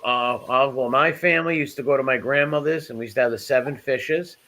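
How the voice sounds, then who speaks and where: A man's voice: medium pitch, a little fast, bright, forceful tone. A man in casual chat, rambling through stories with lots of fillers and restarts.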